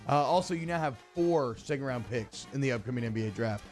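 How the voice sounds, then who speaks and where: A man hosting sports talk radio, chatty and energetic, with loose casual banter. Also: mid-range voice, brisk, soft background music.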